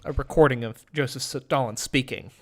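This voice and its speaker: A man's voice: mid-range voice, normal speed. A man streaming a game live, chatting in a rambling way, stammering through restarts and swearing casually. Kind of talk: live gameplay commentary.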